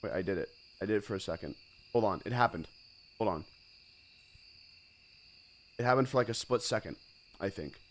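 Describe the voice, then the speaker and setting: A man's voice: fairly low pitch, expressive, normal speed, long pauses, slight background noise. Jittery man streaming a horror game. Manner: jittery, nervously exclaiming. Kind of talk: casual gameplay commentary.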